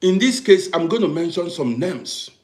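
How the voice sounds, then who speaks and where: Livestream host, a man with an African English accent, emphatic and repetitive, with a slightly high voice that swings widely. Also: very animated, normal speed, echoey room. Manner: emphatic, repeats "do you understand me", swings from quiet to loud bursts. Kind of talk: live-streamed commentary to viewers.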